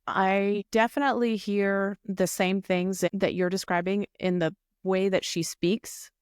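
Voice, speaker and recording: A woman co-hosting a casual show recap, explaining her views in a thoughtful, measured way. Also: mid-range voice, little pitch movement, clean tone, no room sound, clean studio sound. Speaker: recap podcast co-host. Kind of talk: casual chat reviewing a reality show.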